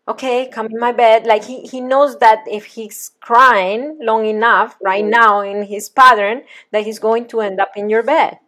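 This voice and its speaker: A parenting coach, she talks in a gentle, steady, reassuring way while guiding a client through a problem. Her voice sits a little high for a woman. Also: measured pace, hardly any pauses. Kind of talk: coaching session conversation.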